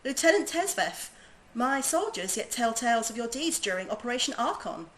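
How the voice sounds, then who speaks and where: A woman's voice: fairly high pitch, very animated, normal speed, fairly bright tone, a little hiss or hum, voice pushed up, poor audio. A woman voicing a grave veteran army commander from a game, reading the lines in a formal, earnest way. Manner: formal, earnest read-aloud.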